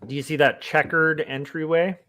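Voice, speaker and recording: A man's voice: fairly high pitch, fairly even intonation, moderate pace, bright, forceful tone. A man, a comic artist, chatting casually on a livestream in a rambling, self-amused way. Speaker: comic artist streaming his work.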